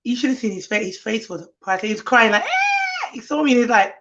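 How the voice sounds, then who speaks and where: A woman's voice: a little high, fast. A woman nanny, telling stories in casual chat and acting out children's voices. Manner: animated storytelling, acts out children's voices. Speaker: nanny, co-host. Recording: muffled lo-fi stream audio.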